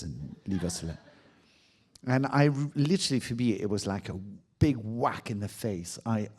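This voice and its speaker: A middle-aged man with a French accent, telling a personal story in a casual conversation and acting out the lines of the people in it. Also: mid-range voice. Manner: animated anecdote telling with acted-out quotes. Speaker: guest.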